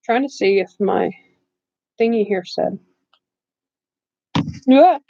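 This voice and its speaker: A middle-aged woman chats unfiltered on a live stream from her bedroom, slow and rambling, with frequent laughs. The recording is dry and slightly muffled, like a cheap home setup. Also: mid-range voice, gravelly, warm tone, no room sound. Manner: blunt, laughs often, rambling, says she has no filter. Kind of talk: casual live-stream chat.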